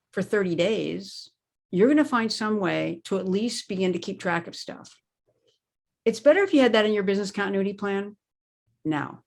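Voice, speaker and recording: Emphatic woman explaining as a guest. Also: mid-range voice. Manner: emphatic, stresses key words. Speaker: guest expert on crisis planning. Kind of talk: conversational interview explanation.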